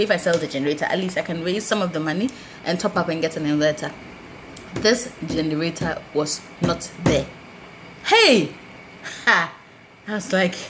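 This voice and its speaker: A Ghanaian woman vlogging casually, telling a personal story and acting out quoted exchanges with lively jumps in her voice. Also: background noise. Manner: animated, acts out quoted dialogue with big pitch jumps.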